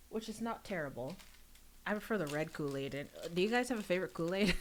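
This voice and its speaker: Low-voiced woman reading her book aloud. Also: animated, quick pace. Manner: casual, breaks off with chatty asides and laughs.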